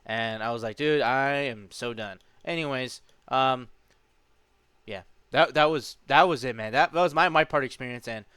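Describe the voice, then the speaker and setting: A man's voice: medium pitch, normal speed, fairly bright tone, clean tone, no echo, clean studio sound. A man in his twenties telling a story in a casual vlog, rambling along with lots of fillers and calling the listener dude and man. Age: 20s. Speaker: vlogger.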